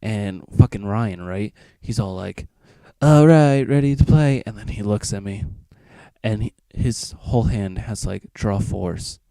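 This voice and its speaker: Teen vlogger, low mellow voice, rambling profane storyteller, dry close sound. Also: male voice, little pitch movement, a little slow, vocal fry, no room sound. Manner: rambling, profane, acts out friends' lines. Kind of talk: casual storytelling.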